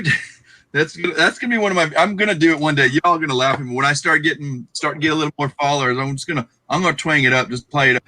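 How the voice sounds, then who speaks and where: A man's voice: on the high side, rapid-fire, sharp tone, no echo, rough recording. A man from East Texas with an East Texas accent, joking in a laid-back casual chat.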